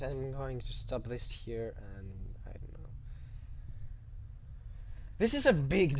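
A man's voice: mid-range voice, a bit bright, a little hiss or hum. A man hesitantly commenting on a horror game, with lots of fillers, yelping and swearing at the scares. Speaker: let's play gamer.

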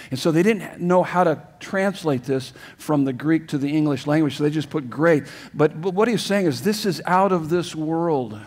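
A middle-aged male pastor preaching a sermon, emphatic, going from loud urging to soft, hushed lines and often restarting his phrases. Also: fairly high pitch. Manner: repeats words and restarts phrases. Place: church sanctuary.

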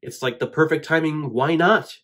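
A man hosting a casual movie reaction, talking in an excitable, gushing, emotional way. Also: fairly high pitch, normal speed. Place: home room with shelf behind.

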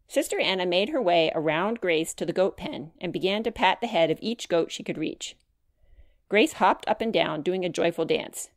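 A woman narrates her own children's chapter book in a clear, measured storytime voice. Her voice sits slightly low. The recording is close and dry. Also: expressive, dry recording. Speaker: author reading her book.

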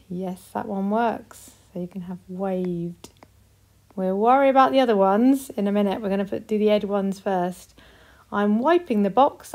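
British woman, primary teacher, patient and encouraging, models sentences slowly. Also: medium pitch, darkish tone. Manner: slow, clear, encouraging, models example sentences. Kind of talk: recorded classroom lesson for young children.

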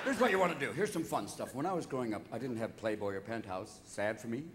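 A man performing live stand-up on a large theater stage, manic and quick to switch voices. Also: mid-range voice, animated, noisy background. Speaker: stand-up comedian. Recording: echoey theater, loud crowd laughter.

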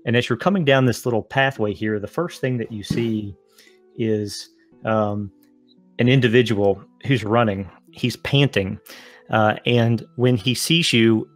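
A man narrating a tabletop game as game master, with dramatic descriptions and filler pauses. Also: medium pitch, soft background music.

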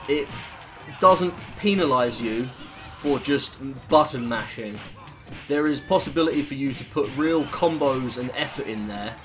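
A young British man giving rambling, jokey, sweary commentary while playing a video game. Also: mid-range voice. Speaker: gaming YouTuber. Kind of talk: gameplay commentary.

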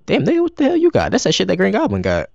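A man's voice: high-pitched, huge pitch swings, very fast, vocal fry, darkish tone, no echo, lo-fi sound. A man giving profane, exasperated running commentary while playing a video game. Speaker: gaming streamer. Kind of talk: live gameplay commentary.

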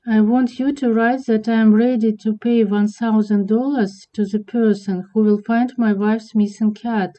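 A woman's voice: fairly high pitch, steady tone, moderate pace, few pauses, mellow, natural voice. A woman voicing a scheming cartoon man who speaks in a sly, confiding way. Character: scheming man placing a newspaper ad. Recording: dull lo-fi recording.

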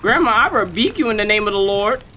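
Animated man trash-talking a horror game. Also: fast, slight background noise. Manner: joking trash talk at the game's granny; bursts from low mutters to loud yelps. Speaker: gaming channel host. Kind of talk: horror game let's play commentary.

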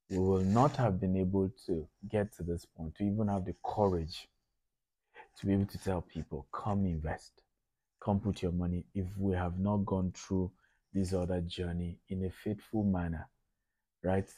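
A man's voice: sits low, dark tone, husky, no echo. A middle-aged man from Nigeria giving a conversational business lecture to entrepreneurs, often repeating his points for emphasis.

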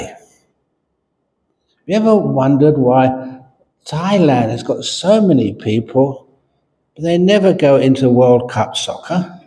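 A man's voice: mid-range voice, mellow. A man, a Buddhist monk, giving a morning dharma talk at a meditation centre and telling jokes with frequent laughter. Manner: humorous storyteller who laughs at his own jokes.

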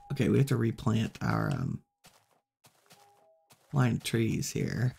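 A woman hosting a relaxed let's-play, musing aloud and chatting to the animals she meets in the game. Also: rumbling low, slow pace, creaky, long pauses, breathy edge. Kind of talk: relaxed gameplay commentary.

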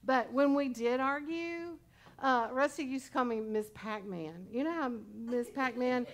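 A woman's voice: high-pitched, measured pace. A woman pastor in her sixties preaching a sermon in a conversational, storytelling way with humorous asides. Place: church service.

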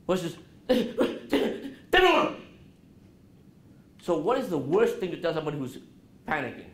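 A man giving an interactive talk to a college class, asking the students questions and dropping his voice low to show calm. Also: quick pace. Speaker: guest speaker at a college business class. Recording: roomy classroom with faint noise.

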